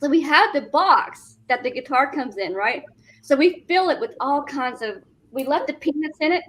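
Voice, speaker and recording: High-voiced woman telling a lively story. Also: normal speed, rough recording. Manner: animated, acts out quoted dialogue, laughing. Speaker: wife telling a family story. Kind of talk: casual storytelling among friends.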